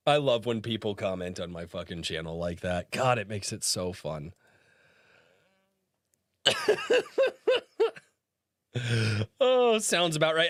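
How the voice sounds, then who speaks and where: A man chatting on a live stream, his voice swinging up and down in pitch as he reads comments out. He laughs often, swears freely, and mocks the comments with open amusement. The sound is dry and close, with no room around it. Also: fairly bright tone, clear, resonant tone, no echo. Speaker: streamer reading viewer comments. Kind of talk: casual live-stream chat.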